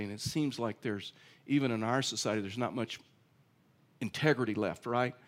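A man's voice: mid-range voice, brisk. A male pastor preaching a sermon in a conversational, storytelling way with self-deprecating humor. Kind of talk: sermon with personal stories.

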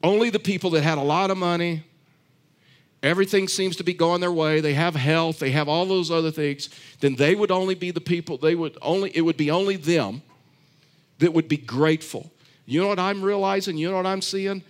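A man's voice: a little high, a little fast. A man preaching a sermon, earnest and repetitive, telling stories with frequent restarts. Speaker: pastor.

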